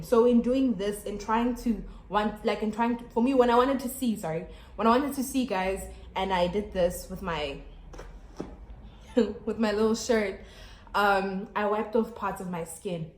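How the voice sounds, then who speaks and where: A young South African woman telling a storytime vlog to her camera at home, chatty and animated with lots of fillers and restarts. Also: mid-range voice. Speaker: YouTuber. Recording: echoey room.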